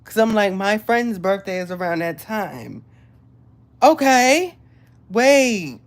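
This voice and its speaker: A woman, hosting a casual livestream and chatting excitedly with viewers. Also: medium pitch, moderate pace. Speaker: livestream host.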